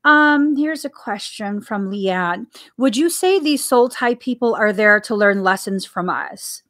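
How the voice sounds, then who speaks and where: Slow, earnest woman podcast host. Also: medium pitch, expressive, a bit bright. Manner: earnest, repeats phrases for emphasis. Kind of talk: casual spiritual podcast talk. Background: coffee sips between remarks.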